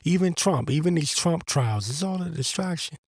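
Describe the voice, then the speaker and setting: A man's voice: fairly high pitch, lively intonation, normal speed, husky, no room sound, clean studio sound. A man giving a blunt, profane religious monologue as host, in an exasperated and crude manner. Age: adult veteran.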